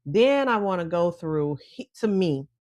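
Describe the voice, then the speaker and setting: A woman's voice: lowish voice, expressive, a little slow, a little mellow, no room sound, studio quality. A woman vlog host with a Chicago accent and Mississippi roots, chatting casually and folksily to her viewers.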